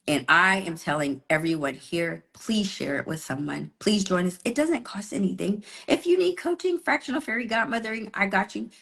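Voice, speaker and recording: Woman business coach, motivational live talk, animated storytelling, slight cold. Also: sits low. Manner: animated storytelling, calls listeners "y'all" and "honey".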